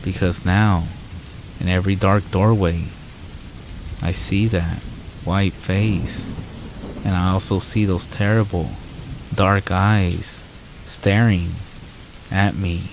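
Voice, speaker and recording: A man narrating horror stories in a calm, measured way with dramatic pauses. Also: sits low, creaky, slight background noise, rough recording.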